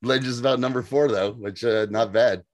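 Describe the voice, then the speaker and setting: A man talks through an episode in a loose, swearing podcast chat, laughing often. His voice sits at an ordinary middle pitch. It sounds close and dry, with no room behind it. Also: no room sound. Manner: animated, profane, laughing, slips into quick voiced impressions. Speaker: podcast co-host. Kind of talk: casual episode recap chat.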